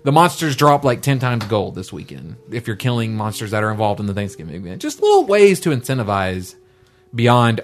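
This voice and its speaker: Animated, riffing podcast man. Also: lowish voice, a little fast. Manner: animated, swearing, riffing on ideas. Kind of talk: casual gaming chat.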